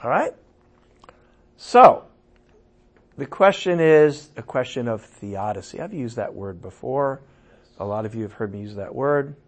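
A man preaching a sermon and teaching from scripture, emphatic, with sudden loud raised passages. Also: mid-range voice, expressive, measured pace. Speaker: pastor.

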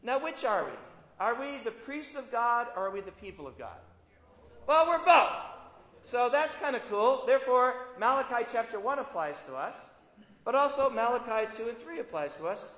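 A man's voice: extremely high pitch, big pitch swings, normal speed, a bit bright. A man preaching a sermon in a conversational way, often putting rhetorical questions to his listeners. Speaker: pastor. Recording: echoey hall, dull lo-fi sound.

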